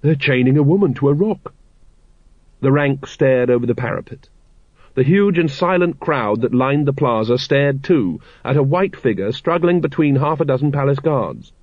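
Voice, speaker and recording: A man's voice: mid-range voice, expressive, normal speed, no room sound. Male audiobook narrator, wry dry delivery, close dead recording, slightly dull.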